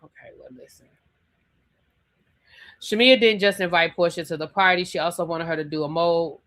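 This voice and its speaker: A woman's voice: lowish voice, moderate pace, a bit bright. A woman hosting a live show, reviewing a reality TV episode in a chatty, sassy way and repeating her points. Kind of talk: casual live rant reading viewer comments.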